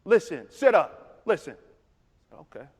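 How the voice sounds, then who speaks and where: A man's voice: high-pitched, sing-song, measured pace, a little mellow, slightly rough, voice pushed up, heavily acted. A man voicing his firm, encouraging father, preaching with rising emphasis. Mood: fired up. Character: wise father, middle-aged, firm and encouraging. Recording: long hall reverb.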